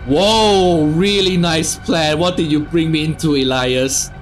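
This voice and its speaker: A young man giving sarcastic let's play commentary on a horror game, swearing and yelling at jump scares. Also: a little high, measured pace, soft background music. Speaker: gaming YouTuber.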